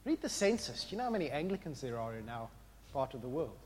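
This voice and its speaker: A man preaching a sermon, with an impassioned delivery that swings from quiet reflection to loud exclamation. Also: medium pitch, very animated, fast talker, a little hiss or hum. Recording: long hall reverb.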